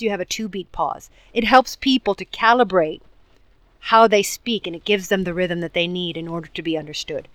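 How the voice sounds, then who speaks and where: A woman speaking coach giving advice in an interview, in a measured, deliberate way. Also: medium pitch, no room sound.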